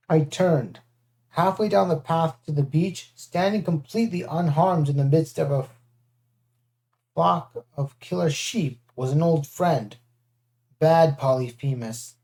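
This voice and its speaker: An audiobook narrator reading a first-person adventure aloud in a lively way, switching into voices for the characters. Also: mid-range voice, creaky.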